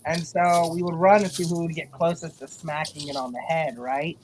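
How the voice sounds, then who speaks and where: A young man from the South telling wild childhood stories in a casual, deadpan, nonchalant way, with frequent laughs. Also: a little high, moderate pace, background noise. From Southern US, North Carolina. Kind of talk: casual storytelling chat.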